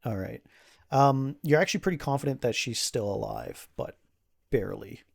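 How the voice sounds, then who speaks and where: Man running a tabletop game, gravelly voice, halting casual narration, dry close sound. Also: mid-range voice, wildly swooping pitch, no room sound. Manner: casual, halting, many fillers, laughs often. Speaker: game master.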